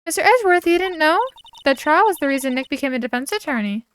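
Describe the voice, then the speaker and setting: A woman's voice: expressive, fast. A woman voicing a spirited young female sidekick in a courtroom game, reading her lines in a bubbly, raised voice. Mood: eager. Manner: bubbly, high-pitched.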